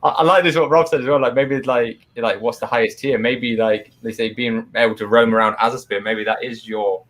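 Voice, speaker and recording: A man's voice: medium pitch, fairly even intonation, fairly quick, few pauses, fairly bright tone. A man co-hosting a live paranormal chat show, telling a story in a rambling way with lots of fillers, on a video call. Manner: rambling, many fillers and restarts.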